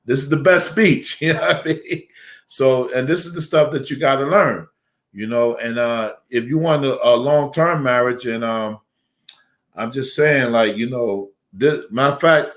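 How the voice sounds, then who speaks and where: A middle-aged man talks casually as an imam on a roundtable panel. He jokes a lot and fills his talk with "you know". His voice sits at an average pitch for a man. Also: normal speed, a bit bright. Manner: joking, folksy, many fillers.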